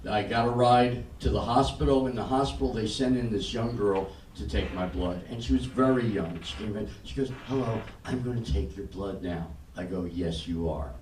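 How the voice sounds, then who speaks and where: An older man performs a stand-up set on a comedy club stage in a mid-range voice, storytelling deadpan and acting out quotes. The recording sounds roomy and distant, with audience laughter and room noise.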